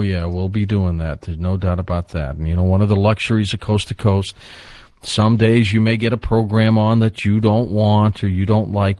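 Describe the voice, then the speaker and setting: A man hosting a late-night call-in radio show, talking in a relaxed, chatty way with callers. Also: low-pitched, no room sound. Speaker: radio talk show host.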